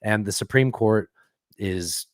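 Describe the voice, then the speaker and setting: A man's voice: on the low side, takes it slowly, no echo, studio quality. A man co-hosting a casual political podcast, talking sarcastically and slipping into mocking voices. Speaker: podcast co-host.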